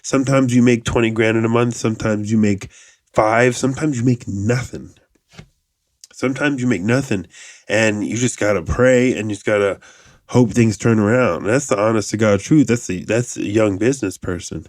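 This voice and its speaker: Low-voiced guy rambling on his podcast, swears a lot, dry close mic. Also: moderate pace, no room sound. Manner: profane, rambling, animated asides. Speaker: podcast host. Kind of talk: casual monologue.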